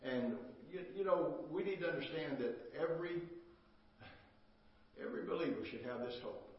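A man's voice: fairly high pitch, expressive, moderate pace. An older man preaching a sermon as pastor, emphatic and repetitive, asking "amen?" as he goes. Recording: echoey, distant, dull church recording.

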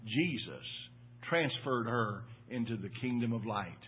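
An older man preaches to his congregation in a husky voice, climbing to loud emphatic peaks, then dropping to low quiet asides. He repeats phrases for emphasis and keeps checking in with the room. The sermon is heard through tinny, phone-like audio. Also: expressive, unhurried. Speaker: pastor. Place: church.

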